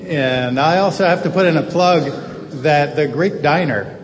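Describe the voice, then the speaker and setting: Man from New Jersey, mid-pitched, jokey and self-amused, audience mic in a reverberant hall. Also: unhurried. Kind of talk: audience comment at a live event.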